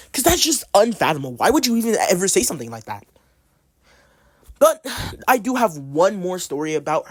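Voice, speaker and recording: A man's voice: mid-range voice, a little mellow. A young man telling a story from school in a casual, slangy way, full of fillers.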